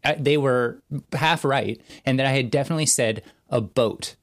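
A man in his thirties co-hosting a podcast, relaxed and joking as he tells stories in a casual chat. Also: mid-range voice, brisk. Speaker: podcast co-host.

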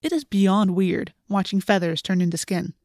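A woman narrating an audiobook in a steady, clear storytelling manner. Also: mid-range voice, normal speed, no echo, clean studio sound. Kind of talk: scripted narration.

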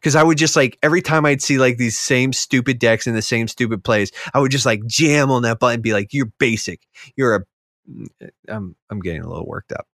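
A man co-hosting a podcast in casual chat, animated and rambling, mocking other players in quick quoted asides. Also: medium pitch, no room sound, studio quality. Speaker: podcast co-host.

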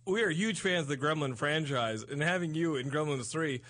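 A man's voice: fairly high pitch, lively intonation, moderate pace, a bit bright. A man hosting a podcast in casual comedic chat, talking in a pleading, stammering, overly polite way. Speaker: podcast host. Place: studio in Los Angeles.

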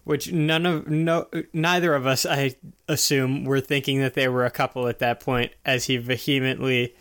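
A man's voice: mid-range voice, level tone, normal speed, a bit bright, clean tone. A man co-hosting a podcast, dropping dry joking asides in casual banter. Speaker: podcast co-host.

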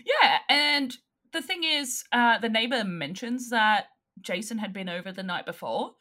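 A young woman co-hosting a podcast in casual chat, giggly and excitable, quick to laugh. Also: a little high. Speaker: podcast co-host.

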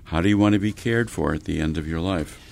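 Gravelly, deep-voiced middle-aged radio host. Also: male voice, fast, darkish tone. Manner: folksy, addresses listeners directly. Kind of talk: casual radio talk.

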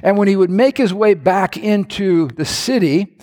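A man preaching a sermon to his congregation, telling lively stories with playful asides. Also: high-pitched, moderate pace, big-room sound. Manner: animated storytelling with playful asides. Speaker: pastor. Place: church sanctuary.

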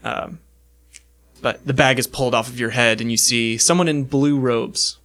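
A man narrating a tabletop role-playing game as game master, with a relaxed storytelling manner and plenty of fillers. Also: mid-range voice, moderate pace.

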